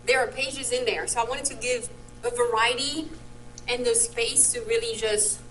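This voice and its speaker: A woman's voice: on the high side, fairly even intonation, normal speed, a bit bright, slight background noise, rough recording. A woman guest chatting casually while tasting food, gushing and laughing often.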